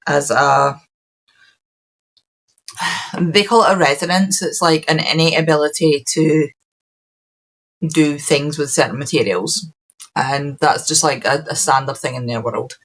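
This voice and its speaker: A woman's voice: deep voice, rough recording. A Scottish woman hosting a podcast, chatting casually and rambling with lots of ums and restarts. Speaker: podcast host. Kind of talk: casual chat.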